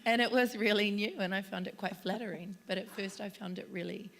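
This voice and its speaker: A woman speaking on a conference panel about relocation and onboarding, enthusiastic and chatty, her voice slightly squeaky. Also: steady tone, brisk, vocal fry, fairly bright tone. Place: conference stage.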